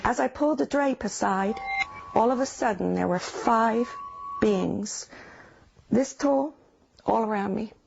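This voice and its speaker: An older woman from England, telling her own experiences in an earnest, halting way with pauses. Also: fairly high pitch, gravelly, darkish tone, a little hiss or hum. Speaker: interviewee. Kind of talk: recounting personal experience. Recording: muffled news audio with music bed.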